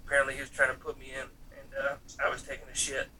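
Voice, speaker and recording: A man telling funny stories in casual chat, animated and jumping into high voices when he quotes people. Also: rapid-fire, recorded from a distance, low-quality recording. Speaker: podcast co-host.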